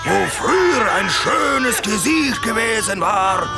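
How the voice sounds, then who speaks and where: A man narrating a film in a declaiming, near-shouted storybook style, heard from a film clip. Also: high voice, big pitch swings, takes it slowly, gravelly, heavily acted. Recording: film clip over loud music. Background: loud music.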